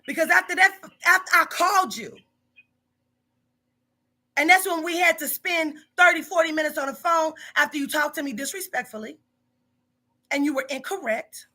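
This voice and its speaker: A woman's voice: high-pitched, moderate pace, long pauses, pushed and bright. A woman who runs a psychic reading business, confronting a staff member in a profane, emphatic monologue full of repetition.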